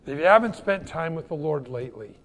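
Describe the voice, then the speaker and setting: A middle-aged man preaches with a high, lively voice that swoops up and down. He tells stories and often restarts his sentences. His voice rings out with a long reverb, as in a church hall. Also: fairly quick, a little hiss or hum. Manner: animated storytelling with repeated restarts. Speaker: pastor. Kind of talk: sermon.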